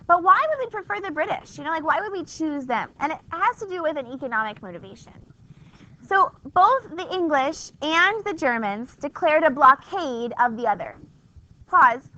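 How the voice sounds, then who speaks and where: A high, bright-voiced woman lectures a class in a relaxed, wry way, tossing out rhetorical questions and quick asides. The recording is dull and lo-fi, like a classroom capture. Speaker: history teacher.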